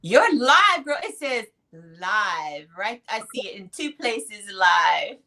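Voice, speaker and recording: A woman hosting a casual live video-call chat show, bubbly and quick with laughs and asides. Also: mid-range voice, very animated, pushed and bright. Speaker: host.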